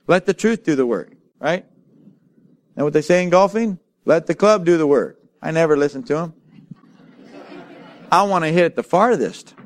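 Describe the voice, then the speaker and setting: A man preaching a sermon to a congregation in church, speaking emphatically, asking the congregation to answer back, and slowing down to read scripture. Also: sits high, a bit bright.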